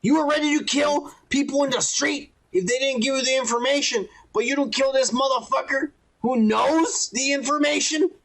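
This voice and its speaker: Gravelly high-voiced man ranting. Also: normal speed, few pauses, poor audio. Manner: animated, swears a lot, acts out scenes in quoted voices. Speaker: podcast co-host. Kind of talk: casual profane review chat.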